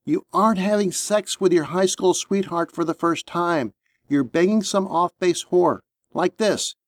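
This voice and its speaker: A man doing a gruff old ex-sergeant. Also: high voice, measured pace, no room sound, studio quality, voice pushed up. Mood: commanding. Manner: gruff, coarse, commanding. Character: gruff older male ex-sergeant police officer.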